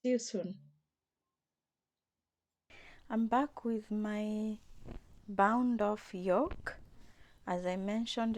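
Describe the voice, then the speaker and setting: A woman with a hoarse voice talking casually through a craft tutorial, chatty and gentle, with frequent pauses and restarts. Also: medium pitch. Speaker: crochet vlogger.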